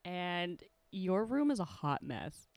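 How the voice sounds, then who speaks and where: A woman's voice: fairly low pitch, big pitch swings, slow pace, darkish tone, no echo. A woman hosting a casual podcast from a bedroom, teasing her guest and laughing often. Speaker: podcast host. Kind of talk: casual chat.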